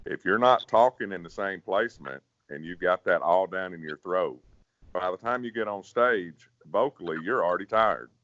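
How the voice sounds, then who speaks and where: A man who sings bass, talking folksy and casual in an interview, often repeating words. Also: animated, normal speed, fairly bright tone, dry recording. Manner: folksy, repeats words, drops to a growl to demonstrate. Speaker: professional bass singer, guest. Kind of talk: casual interview, giving singing advice. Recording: dull, dry sound.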